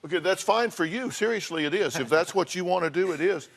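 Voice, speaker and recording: A man's voice: sits high, a little fast. An older man with a Southern American accent hosting a talk show, bluntly scolding guests and reading out costs. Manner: blunt, scolding, reads out figures. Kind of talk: confrontational talk show advice.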